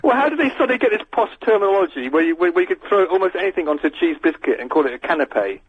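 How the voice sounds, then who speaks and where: Male radio host, rambling jokey banter, slightly raised pitch, husky, tinny phone-like audio. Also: expressive, rapid-fire. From English countryside. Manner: rambling, jokey, self-mocking storyteller.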